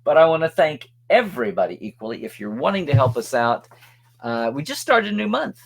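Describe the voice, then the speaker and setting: A man's voice: on the high side, big pitch swings, a little fast, gravelly. A man hosting a casual weekly web show, chatty and upbeat, with plugs and thank-yous to supporters. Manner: chatty, upbeat, reads out supporter shout-outs. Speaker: show host.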